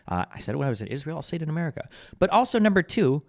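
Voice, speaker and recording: A man's voice: a little high, sing-song, very fast, gravelly. A man giving heated, profane live-stream commentary straight into a desk microphone.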